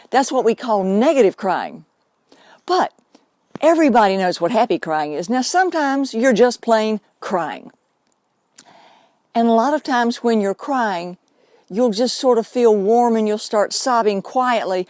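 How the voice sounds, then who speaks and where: A woman's voice: a little high, animated, unhurried, a little mellow, dry recording. A woman hosting her own show, talking unscripted to camera in an earnest, explaining way and drawing out words for emphasis. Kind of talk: unscripted direct-to-camera talk.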